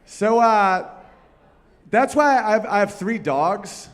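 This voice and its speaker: A man's voice: high voice, lively intonation, slow pace. A man doing a live stand-up set on a comedy club stage, telling profane, rambling stories and bantering with the crowd. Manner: crude, profane, rambling storytelling.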